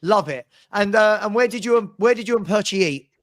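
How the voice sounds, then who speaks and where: A chatty man hosts a casual live stream and reads viewers' messages aloud. His voice sits fairly high for a man. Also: animated, brisk. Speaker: livestream host. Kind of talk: casual live watchalong chat.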